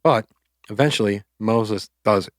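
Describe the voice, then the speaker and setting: A man's voice: on the low side, normal speed, no echo, clean studio sound. Casual male podcaster retelling a story. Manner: loose, conversational, acts out quotes with filler words. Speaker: podcast co-host.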